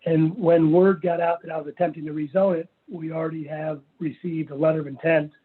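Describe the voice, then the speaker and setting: A man with a somewhat high, husky voice makes his case at a public hearing, reading passages aloud in a methodical, earnest way. His voice comes through a thin, phone-like video-call line. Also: flat delivery, a little fast. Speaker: property owner applicant. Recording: phone-like virtual meeting audio.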